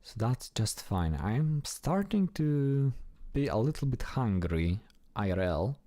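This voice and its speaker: Mellow-voiced man narrating his gameplay. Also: mid-range voice, big pitch swings, takes it slowly, dry recording, clean studio sound. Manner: chatty, talks to himself while building, swears casually. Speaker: gameplay streamer. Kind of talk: casual gameplay commentary.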